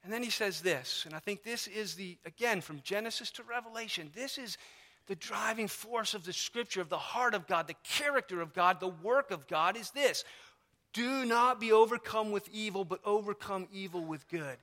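In a church sanctuary, a male pastor preaches a sermon with a high, pushed, bright voice at normal speed. His delivery is emphatic and conversational, full of repetition. The recording carries the long reverb of a church hall.

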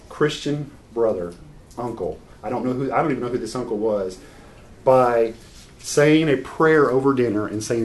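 A man's voice: medium pitch, a little mellow. A man preaching a sermon, earnest and unscripted, moving from scripture into a family story with frequent restarts.

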